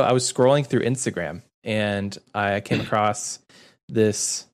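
A man's voice: fairly low pitch, unhurried. A man co-hosting a casual gaming podcast, easygoing and laughing often. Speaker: podcast co-host.

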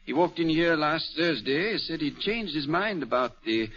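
Polite jeweler, slightly high voice, old radio sound. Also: male voice, expressive, a little slow, fairly bright tone. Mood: courteous. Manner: courteous, businesslike. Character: smooth, obliging male jeweler. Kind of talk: 1940s radio acting. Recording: dull old radio broadcast.

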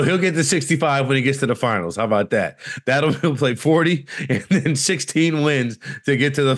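Joking man in his thirties talking basketball. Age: 30s. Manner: rambling, joking, many restarts, dips low for asides. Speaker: podcast co-host. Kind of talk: casual sports chat.

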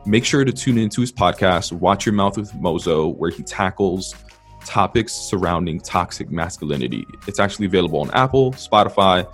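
A man hosting a podcast, reading a brisk, plain introduction to the episode. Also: sits low. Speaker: podcast host.

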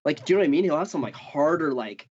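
A man's voice: fairly high pitch, animated, very fast, darkish tone, husky. A man from Canada, a guest musician telling stories in a loose, profane way, full of "like" and "dude". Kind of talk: casual storytelling. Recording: dull lo-fi sound.

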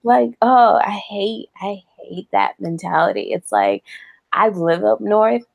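A woman's voice: mid-range voice, lively intonation, measured pace, vocal fry, no room sound, phone-quality sound. A woman from the American South in a casual recap chat, blunt and profane, laughing often.

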